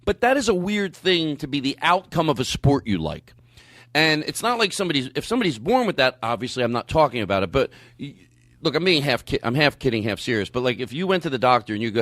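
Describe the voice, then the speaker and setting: A man's voice: mid-range voice, very animated, quick pace, fairly bright tone, dry recording. A man hosting a podcast in casual chat, rambling with many restarts and fillers. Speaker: podcast host.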